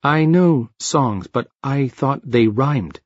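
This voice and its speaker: A man voicing a strange, soft-spoken man who talks slowly and stiffly, like a robot. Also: medium pitch, lively intonation, dry recording, dull audio. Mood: puzzled. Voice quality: soft-voiced. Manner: slow, stilted, robotic delivery.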